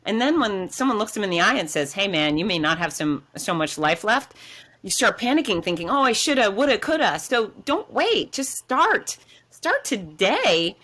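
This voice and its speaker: Bright, energetic woman storyteller. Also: moderate pace. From lives in Florida. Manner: energetic, expressive, dramatizes quotes with big pitch jumps. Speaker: guest, fitness expert and race announcer. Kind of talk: animated storytelling in conversation.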